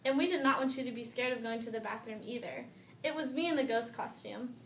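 A woman's voice: on the high side, fairly quick, a bit bright, roomy sound, a little hiss or hum. A woman voicing a young boy giraffe in a storybook, timid and scared.

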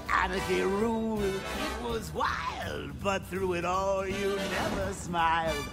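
An actor playing a manic murderous clown villain in a video game, singing with gleeful sing-song menace over a soundtrack. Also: male voice, high voice, slow, creaky, exaggerated voice. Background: game soundtrack music.

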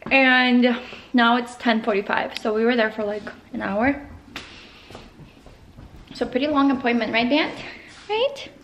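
A woman's voice: a little high, a little slow, long pauses, fairly bright tone, muffled recording, a little hiss or hum. A young woman vlogging as a stay-at-home mom, chatting casually to the camera and coaxing her toddler in a sing-song voice. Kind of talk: casual vlog narration and talking to her toddler.

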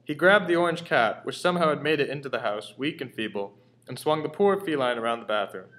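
A man reading a comic story aloud in an animated way. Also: medium pitch, fast. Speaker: story reader.

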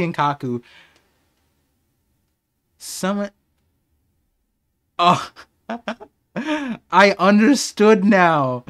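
Young man, live stream reaction, excitable, unhurried, slightly high voice. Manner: excitable, laughing, swings to subdued reflection. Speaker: streamer reacting to a manga chapter.

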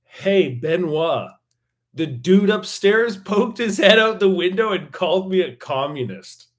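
A man's voice: on the high side, sing-song, measured pace, voice pushed up. A man voicing a chattering female downstairs neighbor, telling on the guy upstairs in a raised, indignant voice. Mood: indignant gossip. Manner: gossipy, indignant retelling.

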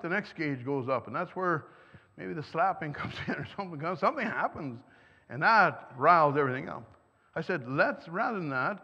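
A man's voice: a little high, pushed and bright, breathy edge. An older man whose first language is German, teaching a sermon to parents in a church and putting questions to the audience. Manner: questions the audience, chuckles between points. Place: church hall. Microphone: microphone. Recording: echoey hall, dull lo-fi sound.

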